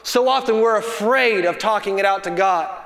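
A man's voice: high voice, moderate pace, gravelly, fairly bright tone. A pastor in his thirties preaching a sermon, building to emphatic bursts and telling family stories. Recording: long hall reverb.

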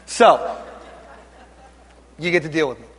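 A man's voice: on the high side, a little slow. A man preaching a sermon to a live congregation, playful and teasing in his asides. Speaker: pastor. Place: large church hall with live audience. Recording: long reverb of a large hall.

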